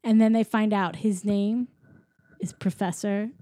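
A woman's voice: mid-range voice, steady tone, measured pace, mellow, no echo. A woman chatting casually while retelling a film plot, with "like" in nearly every sentence. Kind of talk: casual chat recapping a film.

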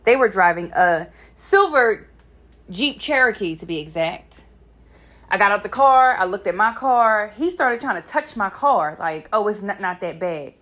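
A young adult woman vlogger shares a personal story with her viewers, speaking straight to them in a blunt, animated, casual way and swearing freely. Her voice sits at a medium pitch and keeps a measured pace.

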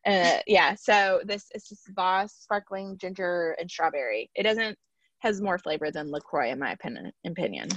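A woman's voice: fairly low pitch, animated, normal speed, a bit bright, dry recording, lo-fi sound. Chatty lady host rambling along, laughs a lot, dry close sound. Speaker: podcast host. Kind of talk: casual chat.

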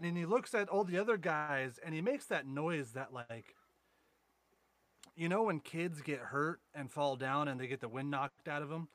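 A man's voice: fairly high pitch, lively intonation, moderate pace, fairly bright tone, dry recording. A man co-hosting a podcast, telling profane, rambling anecdotes and mocking his friends in casual banter. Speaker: podcast co-host.

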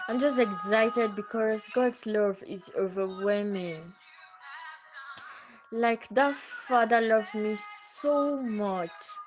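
A woman's voice: mid-range voice, slow, music in the background, poor audio. A woman hosting a casual solo podcast, talking earnestly and repeating her phrases, her voice slightly stuffy from catarrh. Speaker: podcast host.

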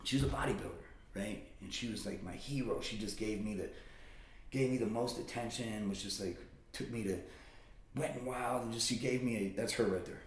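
A man casually telling stories about his childhood, swearing freely and jumping into high-pitched impressions of his relatives. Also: brisk. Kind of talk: casual conversation. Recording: roomy echo.

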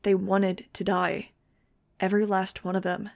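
A woman's voice: medium pitch, little pitch movement, measured pace, creaky. A woman narrating a novel in a wry first-person style for a fan audiobook. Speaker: audiobook reader.

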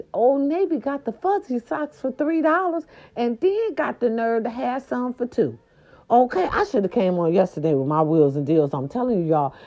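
A woman's voice: medium pitch, warm tone, dull audio. A woman hosting a podcast in casual holiday chat, sassy and playful, who breaks into little growls. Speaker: podcast host.

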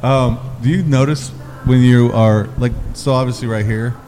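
A man's voice: mid-range voice, steady tone, normal speed, noisy background. An American man co-hosting a podcast, laid-back and joking in casual chat.

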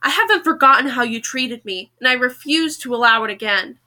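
A woman's voice: high-pitched, animated, brisk, pushed and bright, heavily acted. A woman voicing a touchy middle-aged male writer with an Anglo accent who shifts between apologetic and accusing. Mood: furious. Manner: apologetic then bitter and accusing.

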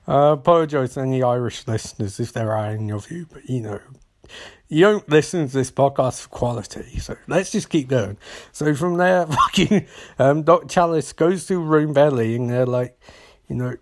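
A man's voice: mid-range voice, normal speed. A man hosting a podcast, recapping in a casual comedic way, rambling with stammered restarts and swearing. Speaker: podcast host.

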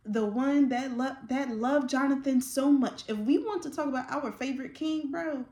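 A woman hosting a faith-based casual talk. She speaks with passion, drops slangy asides and gets excited as she goes. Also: high voice, normal speed, reverberant. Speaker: podcast host.

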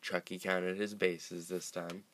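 A man with a fairly low voice talks through a movie recap in an unhurried, drawn-out way. His tone is bright and forceful, and he rambles loosely, swearing and laughing as he goes. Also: little pitch movement. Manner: rambling, profane, laughs often, many fillers and restarts.

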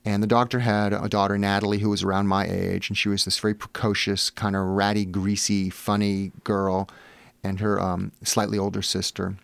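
A man's voice: fairly low pitch, flat delivery, moderate pace, creaky, dry recording. A man from Massachusetts, a memoir author, telling personal stories in an interview with candid, wry humor and frequent "you know" fillers.

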